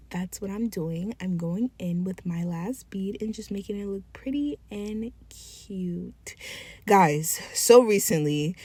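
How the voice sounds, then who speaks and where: A woman's voice: medium pitch, slightly rough, no room sound. A woman chatting casually while doing nails, swearing freely and laughing often as she tells a story. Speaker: nail tech vlogger. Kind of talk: casual chat while working.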